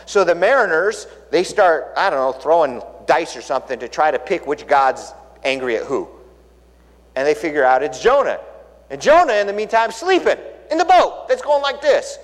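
A man preaching in a large hall, telling the story with lively energy and acting out the voices of its characters. His voice sits a little high and swings widely in pitch, and a long reverb trails behind every phrase. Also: normal speed. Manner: animated storytelling, acts out characters' lines. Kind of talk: sermon.

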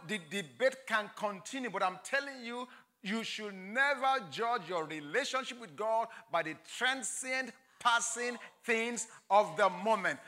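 A man's voice: high voice, bright, forceful tone. A man preaching a sermon with impassioned delivery and accented English, acting out Bible voices as he goes. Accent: non-native English. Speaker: pastor.

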